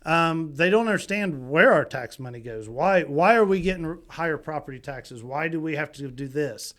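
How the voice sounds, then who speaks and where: A man's voice: on the high side, expressive, normal speed, a bit bright. Blunt teasing male podcast co-host. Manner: blunt, teasing, restarts sentences. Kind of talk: casual local podcast chat.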